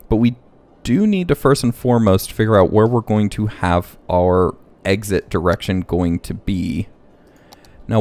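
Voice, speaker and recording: In a casual gameplay video, a young man builds a city and thinks aloud at a slow pace, hiccuping now and then. As the let's play host, he speaks with a fairly low, slightly mellow voice.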